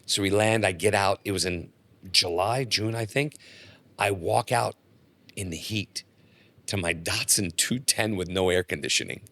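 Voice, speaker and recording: A man's voice: low-pitched, unhurried. A middle-aged man telling stories as a podcast guest, acting out the dialogue in them. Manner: animated storyteller acting out dialogue. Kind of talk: casual storytelling.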